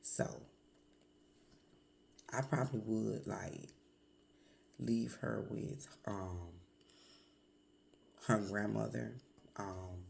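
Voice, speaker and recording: Hoarse, gravelly woman vlogger. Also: rumbling low, steady tone, a little mellow, a little hiss or hum. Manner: candid, reflective, with many pauses and fillers. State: hoarse from a cold. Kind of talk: personal confessional vlog.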